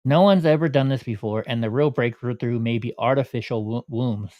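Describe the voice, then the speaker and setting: A man's voice: mid-range voice, moderate pace, muffled recording. A man hosting a casual commentary vlog, sarcastic and grumbling, out of breath from walking. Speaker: vlogger.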